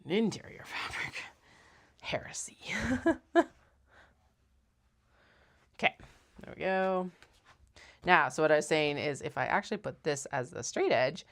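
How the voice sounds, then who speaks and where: Low, gravelly-voiced woman chatting while sewing. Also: moderate pace, a bit bright. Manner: chatty, wry, swears and laughs at herself. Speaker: sewist hosting a craft live stream. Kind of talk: casual running commentary while working.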